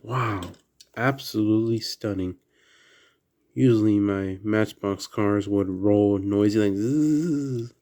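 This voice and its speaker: Guy with a bit of a southern accent talking low and quiet, casual toy unboxing chat at home late at night. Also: level tone, takes it slowly. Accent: slight Southern US. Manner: soft, hushed indoor voice. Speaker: toy collector vlogger.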